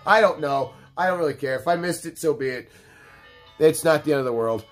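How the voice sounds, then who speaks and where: A man's voice: on the high side, fairly quick, faint music behind. A young man hosting a let's play, chatting casually in a rambling, profane, laid-back way while stoned. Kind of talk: casual gameplay commentary.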